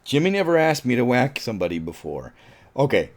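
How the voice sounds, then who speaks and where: A man with a mid-range voice delivers a brisk, casual film review monologue. He's animated and profane, laughs at his own points, and gets loud whenever something strikes him as absurd.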